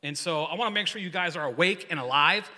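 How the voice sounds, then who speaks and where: A youth pastor in his forties preaches a casual, joking sermon in a church hall, leading the crowd in call-and-response. He's an energetic, rambling storyteller who talks fast in a voice on the high side. The recording has long hall reverb.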